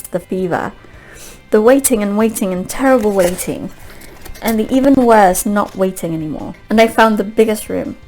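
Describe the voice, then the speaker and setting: A woman voicing a young, grieving British prince in a put-on British accent, reading a tender, poetic love letter slowly and wistfully. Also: medium pitch, a little mellow, close to an everyday voice, low-quality recording.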